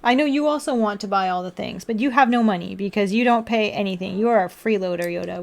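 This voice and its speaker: A woman's voice: mid-range voice, quick pace, gravelly, few pauses, darkish tone. A young woman livestreaming, chatting with viewers and talking baby talk to her cat. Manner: playful baby talk to a pet. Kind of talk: casual chat with chat and her cat.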